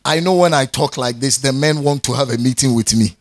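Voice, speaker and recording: A man, a pastor preaching a sermon in an animated way, joking with his congregation and calling for their responses. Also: medium pitch, fairly quick.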